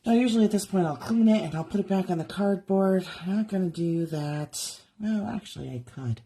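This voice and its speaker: This woman, a jewelry artist, does a live demo in her home art studio, chatting and reasoning out loud as she crafts. Her mid-range voice is brisk and mellow with a breathy edge.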